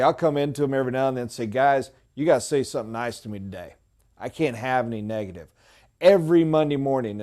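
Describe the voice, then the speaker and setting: Emphatic mellow-voiced male sales trainer. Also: mid-range voice. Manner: emphatic, preachy. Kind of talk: motivational sales training talk. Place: training room with a whiteboard.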